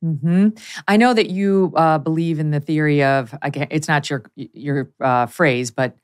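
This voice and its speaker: A woman hosts a conversational interview, her voice sitting a little low for a woman. She probes with follow-ups and drops brief acknowledgments while her guest talks. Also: unhurried, clean tone. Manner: inquisitive, interjects with short acknowledgments. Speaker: podcast host.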